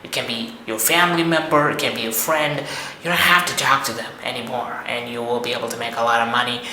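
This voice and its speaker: A man's voice: medium pitch, fairly even intonation, a little fast, sharp tone. A man giving a repetitive, emphatic, lecturing monologue to the camera as an online money coach. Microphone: camera mic. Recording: echoey room, faint noise.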